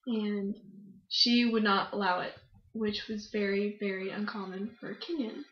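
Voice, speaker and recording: A woman's voice: medium pitch, steady tone, a little slow. A young woman telling a story in a casual interview, chatty and laughing often, with plenty of fillers. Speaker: guest. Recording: roomy, muffled recording.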